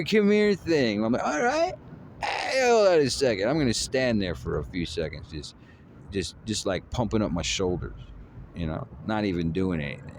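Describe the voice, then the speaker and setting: A man's voice: on the low side, a little hiss or hum. A man recording himself on his phone, rambling through boastful, playfully taunting trash talk about a fight. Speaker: vlogger.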